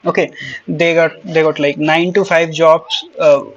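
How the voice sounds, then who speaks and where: A man with a high, light voice asks his questions as a French teacher. He talks casually and keeps stopping on "uh" and "you know" while he gets his thoughts together. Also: steady tone, measured pace, muffled recording. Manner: hesitant, many fillers and restarts. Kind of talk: casual interview.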